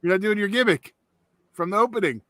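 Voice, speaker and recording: A man's voice: sits high, fast talker, sharp tone, no echo. A man hosting a review podcast in a wry, casual way, steering the talk along. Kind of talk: casual banter.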